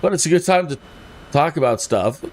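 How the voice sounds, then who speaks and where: A man's voice: a little high, lively intonation, fairly quick, a little mellow. A man hosting a flight sim livestream, rambling casually and talking straight to his viewers. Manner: rambling, chatty, addresses viewers directly.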